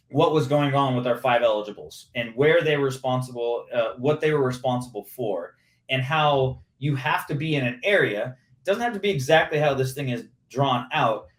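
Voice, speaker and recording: Man, 40s, interview guest, animated explainer, roomy echo. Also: medium pitch, distant mic. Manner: animated, explains with hands-on play-by-play detail. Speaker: former pro football receiver, podcast guest. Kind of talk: conversational interview. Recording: roomy, echoey room sound.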